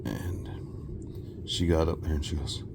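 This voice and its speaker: A man from South Texas chatting casually while he works, a rambling storyteller who often clears his throat. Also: very deep voice, fairly even intonation, slow pace, noisy background. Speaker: resin crafting vlogger.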